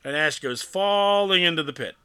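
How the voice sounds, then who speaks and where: A man co-hosting a podcast, retelling a film scene by scene in a rambling, animated way. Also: on the high side, moderate pace, noisy background. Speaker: podcast co-host. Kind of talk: casual chat recapping a film.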